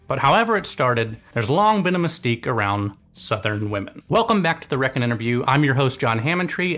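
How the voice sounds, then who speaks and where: A man hosting an interview podcast, talking in a relaxed way with many "uh" fillers. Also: mid-range voice, roomy sound. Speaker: podcast host. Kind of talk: interview podcast with scripted intro.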